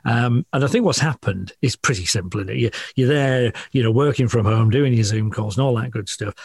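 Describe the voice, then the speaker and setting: Man, dog trainer guest, husky, gravelly, chatty, dry sound. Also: medium pitch, fairly quick, no echo. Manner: chatty and explanatory, laughs often. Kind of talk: casual radio interview.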